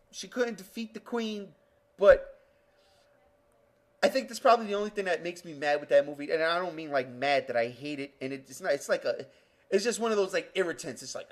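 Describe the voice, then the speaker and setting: A man co-hosting a podcast, talking about movies in an excitable way with lots of swearing. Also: a little high. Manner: excitable, swearing, re-enacts scenes. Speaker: podcast co-host. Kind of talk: casual movie chat.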